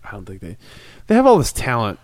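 A man's voice: mid-range voice, huge pitch swings, fast talker, no echo. Cynical man in casual chat. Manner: cynical, rambling, many restarts. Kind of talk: casual chat about wrestling.

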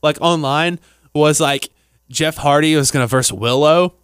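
A man's voice: a little high, measured pace, a bit bright, smooth, no echo, studio quality. A man co-hosting a casual podcast, rambling and laughing as he retells scenes. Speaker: podcast co-host. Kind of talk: casual chat.

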